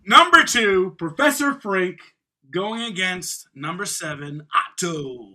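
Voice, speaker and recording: Bright, high-voiced podcast host man. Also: animated, slow. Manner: announcing brackets with playful energy. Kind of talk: casual podcast chat.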